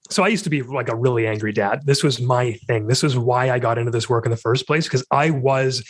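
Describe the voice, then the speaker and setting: A man who is a guest on a podcast, telling a personal story candidly and reflectively. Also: medium pitch.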